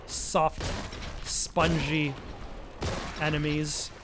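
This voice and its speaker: A man's voice: fairly high pitch, flat delivery, drawn-out words, very noisy. A man giving casual gameplay commentary, rambling and self-deprecating with lots of hesitant restarts. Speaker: let's play commentator.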